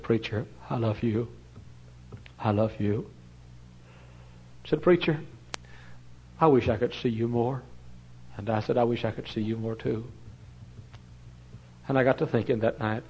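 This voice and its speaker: An older man preaching a sermon, swinging from loud impassioned cries to hushed, tender storytelling. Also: mid-range voice, measured pace, pauses often, slight background noise. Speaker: pastor. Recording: dull lo-fi sermon recording.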